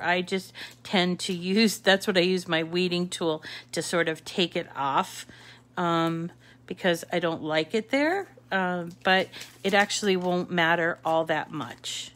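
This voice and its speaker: A woman's voice: medium pitch, fairly bright tone. A woman from the Boston area with a Boston accent, chatting casually through a craft demonstration and trailing off into asides as she works. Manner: chatty, many fillers and self-corrections while working. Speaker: craft tutorial host.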